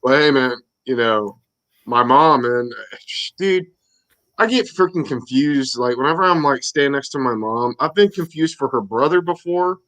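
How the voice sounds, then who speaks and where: A man's voice: mid-range voice, expressive, normal speed, a bit bright. A man in his thirties co-hosting a casual chat, joking, swearing and laughing often. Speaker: co-host.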